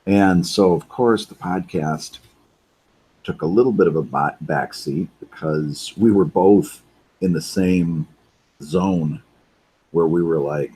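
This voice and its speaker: A man's voice: low voice, slow, dark tone, husky. A middle-aged man livestreaming from his home studio, chatting casually while he draws and stumbling over repeated words. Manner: rambling, repeats words, reads chat aloud. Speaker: webcomic artist livestreaming.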